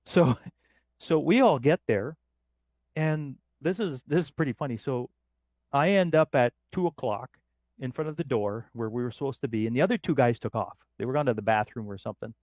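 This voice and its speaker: On a dry recording, a middle-aged man from northern Canada talks at normal speed in a medium-pitched voice. As a podcast guest he spins casual stories with energy, imitating the voices of the people he quotes.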